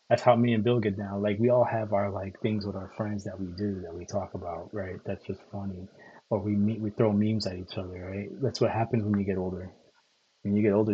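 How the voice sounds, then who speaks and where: Lo-fi audio captures a fairly low, husky, slightly mellow voice. It's a streamer host from Connecticut, USA, rambling casually and at length, cursing freely, repeating himself and leaning on "like" and "um".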